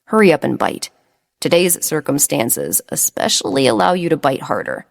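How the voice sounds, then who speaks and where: A woman's voice: low-pitched, very animated, normal speed, vocal fry, heavily acted. A woman voicing a cold, stern young man. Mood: low and cold. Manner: curt and cold.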